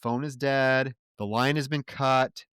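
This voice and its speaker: A man's voice: mid-range voice, steady tone, slow, a bit bright, smooth, no room sound, clean studio sound. A man co-hosting a casual film-review podcast, recapping plot with sarcastic, profane asides and acting out characters' lines. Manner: acts out characters' lines in quotes. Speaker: podcast co-host.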